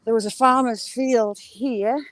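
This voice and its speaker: Out walking through rural fields, a middle-aged northern English woman chats casually to her live-stream viewers, rambling and answering their comments. Her accent is a mixture of Yorkshire, Geordie and Cumbrian. She talks slowly in a fairly high voice with fairly even intonation, in a dry recording.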